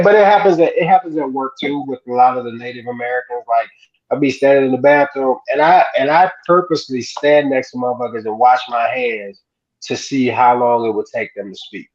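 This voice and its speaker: A man's voice: a little high, darkish tone. A man co-hosting a casual uncensored chat, swearing a lot and asking "you know what I'm saying" again and again. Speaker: podcast co-host. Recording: dull lo-fi sound.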